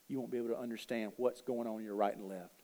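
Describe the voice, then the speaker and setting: A man's voice: medium pitch, steady tone, rapid-fire. Preacher man in a reverberant church. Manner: storytelling preacher, swings from quiet to loud. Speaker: pastor. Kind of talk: sermon.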